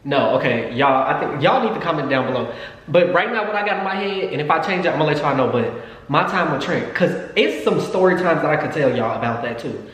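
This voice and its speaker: A man telling a storytime in a casual, excitable, profane way to his viewers. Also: fairly high pitch, a little fast. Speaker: vlogger. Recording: echoey room with long reverb, faint noise.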